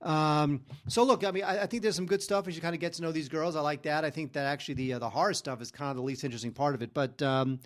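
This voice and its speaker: A man co-hosting a film podcast, reviewing movies in casual chat and filling his pauses with plenty of ums and uhs. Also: a little high. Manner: hesitant, many ums and uhs between thoughts. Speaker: film critic podcast co-host.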